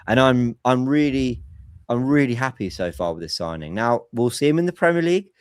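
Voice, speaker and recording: A man's voice: medium pitch, animated, a little fast, clear, resonant tone, dry recording, studio quality. A man hosting a casual football podcast over a remote call, talking analytically and explaining tactics at length. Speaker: podcast host.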